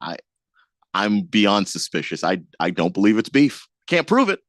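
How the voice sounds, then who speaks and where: A man co-hosting sports talk radio, his voice low but swinging widely in pitch. He laughs easily and keeps the banter lively. The sound is dry and close to the mic. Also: moderate pace, no echo.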